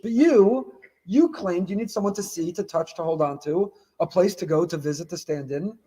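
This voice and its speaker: Man, rabbi, sermon, fairly high voice, animated, acts out dialogue, reads Hebrew quotes. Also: husky. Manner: animated preaching, acting out imagined dialogue, mixing in Hebrew quotations. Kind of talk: sermon on the weekly Torah portion.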